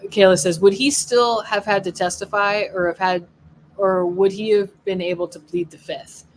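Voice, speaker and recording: A woman journalist reads a court transcript aloud, naming each speaker before their lines. Her voice sits at a middle pitch, and her delivery is plain and steady. There is faint noise behind her. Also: moderate pace, poor audio. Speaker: legal affairs journalist.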